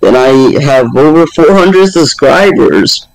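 A man appearing as a guest YouTuber, chatting casually in short, halting remarks. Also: fairly high pitch, expressive, dry recording, poor audio. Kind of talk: casual chat.

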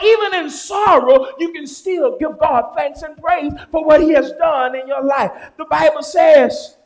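A man preaching a sermon in a church, swinging from shouted lines to low, quiet ones. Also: unhurried, few pauses. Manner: chanting, rising to shouts then dropping low. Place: church sanctuary.

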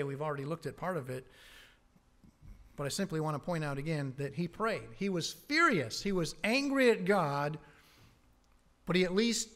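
A man's voice: a little high, a bit bright. A man preaching a sermon as pastor from a church pulpit, emphatic and often chuckling between points. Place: church sanctuary.

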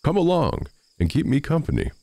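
A man's voice: low voice, wildly swooping pitch, moderate pace, creaky, warm tone, dry recording, heavily acted. A man voicing a hungry, greedy miller in a storybook reading, raising his voice into a blustering bark. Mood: hearty.

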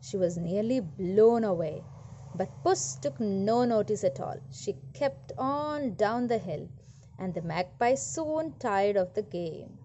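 A woman reading a story aloud to children, animated and stopping to ask questions. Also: mid-range voice, slow pace, lo-fi sound, a little hiss or hum. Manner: animated, asks listeners questions.

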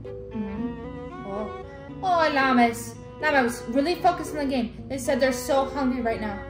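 A young woman vlogging, playfully talking to her toy llamas and cheering them on in a bubbly, animated way. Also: high voice, a little slow. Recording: echoey room with music behind.

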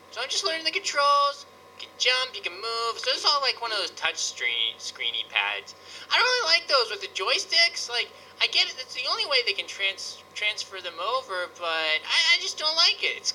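A bubbly woman giving casual let's-play commentary as a gaming host, joking and talking back at the game. Her voice is high and piercingly bright, and it swings up and down a lot. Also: slight background noise, low-quality recording.

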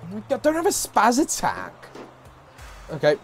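A man commentating a game, loud and mocking, swearing and taunting characters. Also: high voice, wildly swooping pitch, normal speed. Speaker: gaming YouTuber. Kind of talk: let's play commentary. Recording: game music faint behind.

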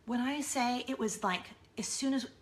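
A woman's voice: a little high, normal speed. A woman, a mother, chatting casually and self-deprecatingly to her camera. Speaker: vlogger, mother of two. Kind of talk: casual vlog chat.

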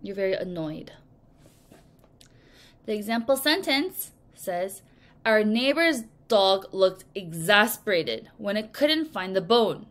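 A woman teaching English vocabulary to children in a recorded lesson, speaking slowly and clearly and acting out example sentences. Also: mid-range voice, expressive, a bit bright. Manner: slow, clear teacherly delivery with acted examples.

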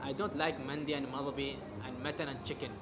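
A man's voice: mid-range voice, little pitch movement, a little fast, noisy background, natural voice. A man voicing a fussy young woman customer. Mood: complaining. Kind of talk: comedy sketch acting.

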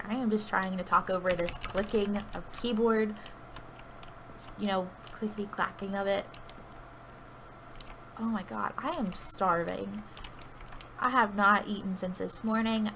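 A woman giving anxious, pleading live commentary on her own gameplay, with sudden loud outbursts. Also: mid-range voice, moderate pace, vocal fry, noisy background. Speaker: gaming video creator. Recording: keyboard clicking audible behind voice.

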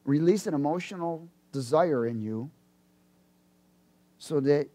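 A man preaching a sermon, animated, jumping from loud bursts to low asides and laughing between points. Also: measured pace.

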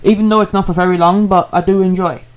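A man's voice: high voice, steady tone, fast talker. A man, a streamer talking casually and earnestly, rambling and repeating himself with many fillers as he apologizes to a viewer.

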